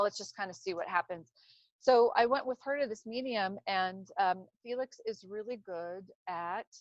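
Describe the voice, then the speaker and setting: A woman's voice: medium pitch, dry recording. Woman talking casually, dull lo-fi recording. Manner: rambling, searching for words, frequent restarts. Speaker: speaker on trauma recovery. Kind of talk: casual unscripted talk to camera.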